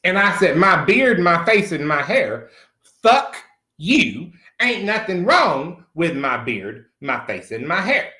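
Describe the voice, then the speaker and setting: A man's voice: a little high, big pitch swings, normal speed, bright, forceful tone. A middle-aged man playing a crude, brash country man, cursing freely and calling everyone honey. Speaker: comedy character host. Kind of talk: improvised comic monologue. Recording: roomy echo.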